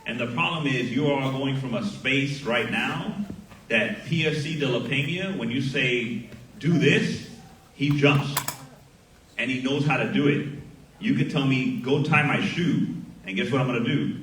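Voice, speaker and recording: A middle-aged sergeant major from Miami giving a graduation speech at a ceremony, speaking into a podium microphone and telling a story with lively acted dialogue. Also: male voice, mid-range voice, moderate pace, a little hiss or hum. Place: large hall at a graduation ceremony. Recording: echoey hall heard from far off.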